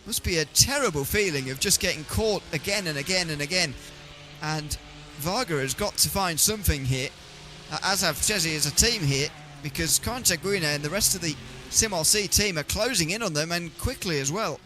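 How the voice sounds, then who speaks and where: A man's voice: a little high, animated, moderate pace, music in the background. A man doing fluent play-by-play of a sim race, with dry teasing humour. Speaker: race commentator. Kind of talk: esports race commentary.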